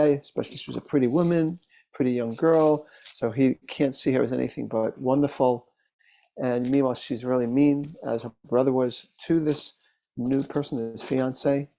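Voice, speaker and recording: Gravelly, mellow-voiced male therapist. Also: medium pitch. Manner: relaxed, conversational, with fillers and restarts. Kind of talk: casual teaching talk with case stories.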